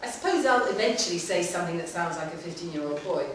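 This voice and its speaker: A woman giving a live, measured reading of a short story in a public library room. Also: fairly low pitch, animated, a bit bright, a little hiss or hum. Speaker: reader. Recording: echoey hall from far off.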